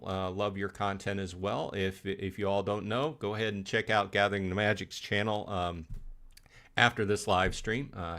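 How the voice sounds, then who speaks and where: A man with a somewhat low voice hosts a casual gaming live stream. He rambles through chat and matches, filling pauses with ums and uhs and restarting his sentences. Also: creaky, fairly bright tone. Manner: rambling, many fillers and restarts.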